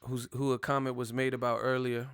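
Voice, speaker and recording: A young man hosts a boxing live stream at a brisk clip, his mid-range voice clean and echo-free. He rants casually and profanely, animated throughout, and slips into impressions of the people he's talking about.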